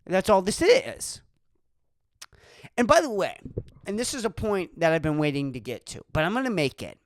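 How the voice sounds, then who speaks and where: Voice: mid-range voice, big pitch swings, quick pace, no echo. A podcast host from Massachusetts, ranting solo in a profane, emphatic way that keeps circling back on the same points.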